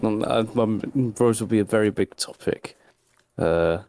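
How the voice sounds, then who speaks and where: A man co-hosting a casual podcast chat, speaking in a deadpan, dryly sarcastic way. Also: fairly low pitch, a little slow, no room sound, studio quality. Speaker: podcast co-host.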